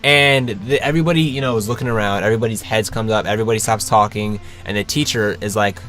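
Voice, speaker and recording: A man's voice: on the low side, fast talker, hardly any pauses, soft background music. A young man casually telling a story to his viewers, swearing freely and acting out what people said. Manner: animated, swears freely, acts out quotes. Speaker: vlogger.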